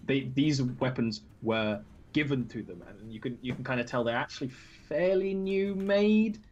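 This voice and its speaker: A man at a mid-pitched, ordinary register narrates a tabletop session as game master. He wanders through his descriptions with fillers and restarts. His voice comes over a dull, lo-fi online call. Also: normal speed. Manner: relaxed, rambling descriptions with many fillers and restarts.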